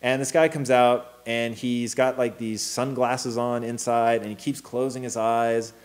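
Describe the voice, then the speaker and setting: A man in his thirties co-hosting a casual talk show, telling a story with animated energy, acting out quotes and swearing freely. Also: mid-range voice, measured pace. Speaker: co-host.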